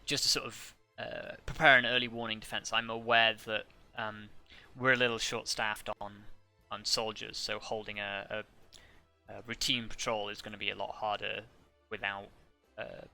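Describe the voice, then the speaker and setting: A man's voice: lowish voice, flat delivery, normal speed, vocal fry, hardly any pauses, sharp tone, faint music behind, full character voice. A man voicing a deferential male wizard ranger who speaks courteously and hesitantly, full of fillers and restarts.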